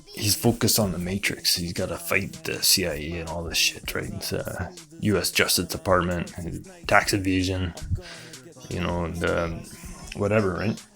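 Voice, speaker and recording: A man presenting memes in a comedic, rambling conspiracy monologue, deadpan and full of asides. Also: deep voice, normal speed, gravelly, faint music behind.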